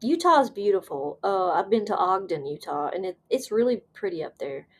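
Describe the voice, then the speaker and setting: A woman hosts a casual livestream in a voice of ordinary middle pitch. She answers her viewers' comments in a chatty, rambling way and often trails off mid-thought. She breaks into excited, high laughter. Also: fairly quick, husky. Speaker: livestream host.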